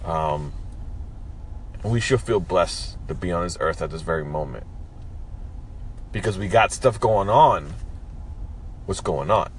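A man's voice: low voice, expressive, a little slow, pauses often, a little hiss or hum. Froggy-voiced man hyping his listeners. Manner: hyped, joking, profane. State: froggy morning voice. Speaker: podcast host. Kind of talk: casual morning pep talk.

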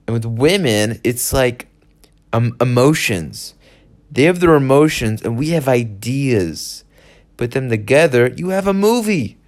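A man's voice: medium pitch, expressive, measured pace. A young man hosting his own show, rambling through an irritable, sarcastic solo rant. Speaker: podcast host. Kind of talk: solo ranting monologue.

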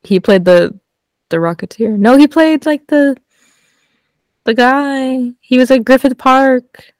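A woman's voice: high voice, slow pace, no echo, studio quality. A woman co-hosting a podcast in casual chat, rambling with many ums and likes. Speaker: podcast co-host.

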